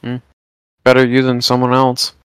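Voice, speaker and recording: A man's voice: mid-range voice, monotone, normal speed, a bit bright, clean tone, no room sound, rough recording. A man co-hosting a podcast, chatting casually in a laid-back way with some swearing. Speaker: podcast co-host. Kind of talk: casual chat.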